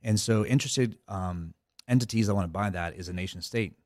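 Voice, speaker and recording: Low-voiced man, rambling interview talk. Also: brisk, no room sound, clean studio sound. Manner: rambling, many fillers and restarts. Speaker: cybersecurity guest.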